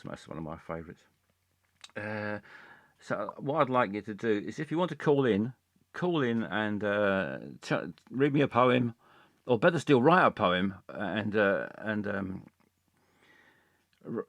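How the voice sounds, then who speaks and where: A man hosts a comic live stream in a lowish voice, rambling and halting as he trips over his words. The sound is dry and close to the mic. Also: animated, fairly bright tone, dry recording. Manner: halting, rambling, full of fillers and restarts.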